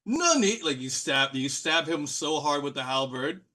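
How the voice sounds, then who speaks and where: A man narrating a tabletop game as game master, casual and animated, with many fillers. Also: medium pitch, normal speed.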